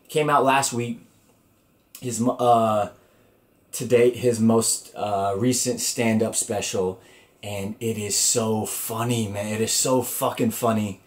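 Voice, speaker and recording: A man hosting his own comedy podcast alone, talking loosely and profanely with lots of fillers and restarts. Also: fairly low pitch. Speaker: podcast host. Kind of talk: casual solo podcast talk.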